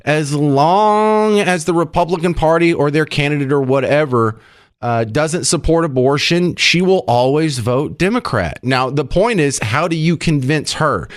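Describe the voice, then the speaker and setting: A man's voice: fairly high pitch, animated, a little slow, dry recording. A man hosting a talk radio show in a studio, chatting in an opinionated, joking way. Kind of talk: casual talk radio chat. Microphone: studio microphone.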